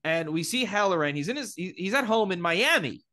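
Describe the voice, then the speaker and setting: A man's voice: sits high, expressive, brisk, sharp tone. A man co-hosting a podcast, chatty and picking at small movie details. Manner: chatty, nitpicky about details, laughs easily. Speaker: podcast co-host. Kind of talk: casual movie-recap chat.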